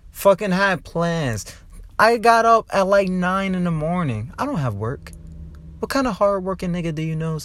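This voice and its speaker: A young man from New Jersey, a stand-up comic and podcast host, ranting loudly in a rambling, profane way from a parked car and laughing at his own jokes. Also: on the high side, dry recording. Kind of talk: rambling comedic rant.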